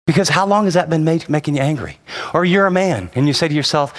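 A middle-aged man preaching a sermon, animated, acting out the people he quotes, moving between soft and emphatic delivery. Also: fairly high pitch, fast talker. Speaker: pastor. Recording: long reverb of a hall.

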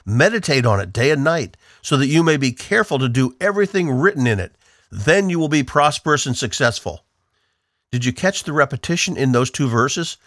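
A man's voice: medium pitch, lively intonation, brisk, fairly bright tone, dry recording, studio quality. A man from the northeastern United States giving an earnest, emphatic devotional Bible teaching on the radio.

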